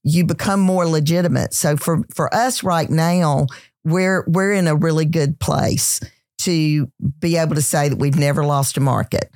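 A woman's voice: sits low, moderate pace, dry recording. Southern woman chef, dry close sound. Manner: animated, many restarts and "you know"s. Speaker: celebrity chef and entrepreneur, guest. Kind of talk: casual interview storytelling.

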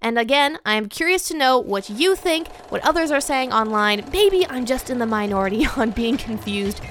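A woman's voice: fairly high pitch, lively intonation, normal speed, fairly bright tone, slight background noise. A woman hosting a podcast, giving a candid, opinionated film review with light laughs. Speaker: podcast host.

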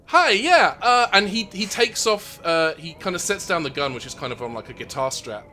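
A man's voice: on the high side, pushed and bright. A man from Seattle narrating a tabletop role-playing game as game master, with many ums and restarts. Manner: halting, full of ums and restarts.

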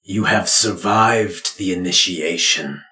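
A man voicing a grave, proud lizardfolk clan father who speaks in slow, weighty pronouncements. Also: deep voice, pushed and bright, exaggerated voice. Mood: solemn. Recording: roomy echo.

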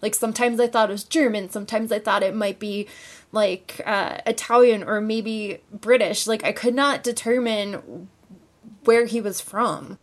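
A woman's voice: mid-range voice, unhurried. A woman guesting on a casual movie podcast, chatty and full of "like" fillers.

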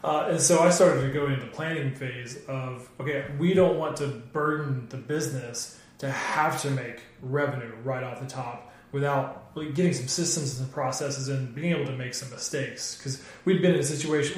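A man who handles the numbers in a small business, calmly explaining his planning in a casual interview. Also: medium pitch, brisk, few pauses. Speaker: business partner, numbers person. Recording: very echoey room.

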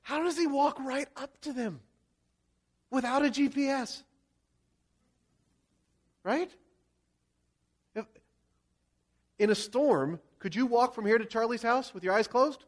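A male pastor preaching a sermon, acting out scenes and shouting quoted lines. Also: very high-pitched, slow, long pauses.

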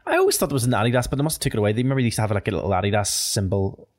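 A young man with a Northern Irish accent hosts a chatty podcast. His voice sits a little low, and he rambles loosely, circling back with fillers and false starts as he goes. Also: lively intonation, rapid-fire. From Northern Ireland. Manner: rambling, with many fillers and restarts. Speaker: podcast host. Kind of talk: casual chat.

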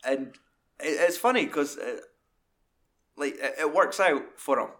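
A man in casual, sweary film chat, acting out scenes in high put-on voices. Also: animated, measured pace, a bit bright.

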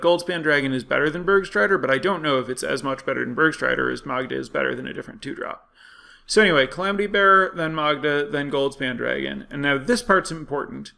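Guy w a bright voice rambling thru card game win rates, lots of "like" and restarts. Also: fairly high pitch, creaky. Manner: quick, thinking aloud with many fillers and restarts. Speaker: card game strategy commentator. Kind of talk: casual analytical commentary.

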